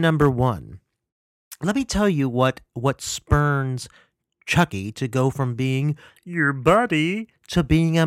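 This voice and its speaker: A man rants about a film in an indignant, emphatic voice, repeating his points for effect. His voice is slightly high and sounds dry and close to the mic. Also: dry recording. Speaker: film reviewer. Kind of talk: opinionated movie commentary.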